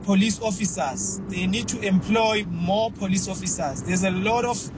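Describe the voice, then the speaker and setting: A man's voice: sits high, normal speed. South African man, voice note over traffic. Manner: earnest, with restarts. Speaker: caller leaving a voice note. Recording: phone voice note with street traffic.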